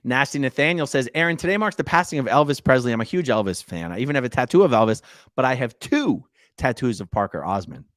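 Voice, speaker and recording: Animated man chatting on a live stream. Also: medium pitch, fast talker, hardly any pauses, dry recording, clean studio sound. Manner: chatty, animated, laughs often, reads comments aloud. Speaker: livestream co-host reading viewer comments. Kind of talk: casual live-stream chat.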